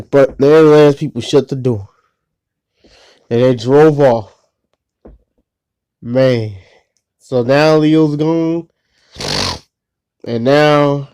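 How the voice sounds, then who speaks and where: A man's voice: on the high side, slow, pauses often, warm tone, clear, resonant tone. A man telling a casual, rambling story full of slang and restarts.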